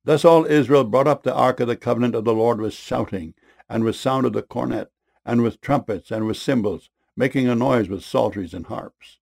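A man reading scripture aloud in a measured, solemn way. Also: medium pitch, vocal fry, darkish tone.

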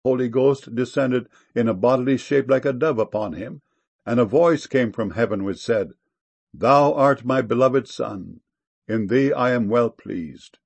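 A man giving a solemn, measured scripture reading in archaic wording. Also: medium pitch, vocal fry, darkish tone, slightly rough.

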